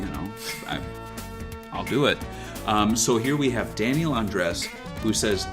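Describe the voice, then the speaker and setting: A man hosting a casual gaming podcast, rambling as he chats and reads listener messages aloud. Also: lowish voice. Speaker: podcast host.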